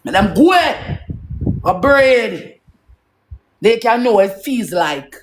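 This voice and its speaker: A woman's voice: mid-range voice, lively intonation, slow, a little hiss or hum. Jamaican woman in a profane rant. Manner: heated, profane, preachy patois rant. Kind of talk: live rant to viewers.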